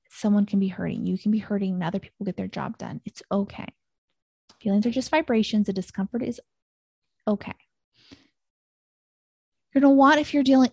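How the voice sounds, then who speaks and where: Female podcast host, mellow and raspy, reassuring solo teaching talk, dry close recording. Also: a little high, no echo. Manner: gentle, reassuring, repeats calming phrases.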